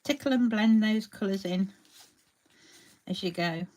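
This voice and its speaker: A woman's voice: mid-range voice, unhurried, darkish tone. A woman hosting a live crafting tutorial, chatting along and greeting viewers by name as she paints. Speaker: crafting demonstrator.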